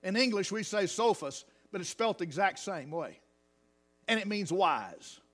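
A high-pitched man delivers a sermon. He speaks softly at times, then climbs into loud, fervent preaching punctuated with hallelujahs. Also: animated, normal speed. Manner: builds from quiet talk to loud, rising preaching with hallelujahs. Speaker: pastor.

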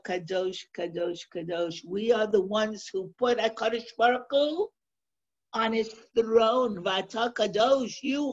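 A woman teaching a lesson on a sacred text, reading verses aloud and translating them in a slow, deliberate way. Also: mid-range voice, a little mellow. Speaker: Torah teacher. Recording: dull lo-fi recording.

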